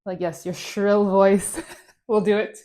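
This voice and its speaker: A young woman guides a home dance class, chatting and cheering the viewer on as she moves. Her voice is mellow and relaxed, and she sighs softly between cues. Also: mid-range voice, takes it slowly. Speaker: dance instructor.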